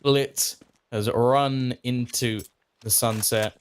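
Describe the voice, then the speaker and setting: A man's voice: medium pitch, steady tone, a little hiss or hum. Man casting a video game match. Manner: quick, playful, joking banter. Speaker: esports caster. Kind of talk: play-by-play commentary.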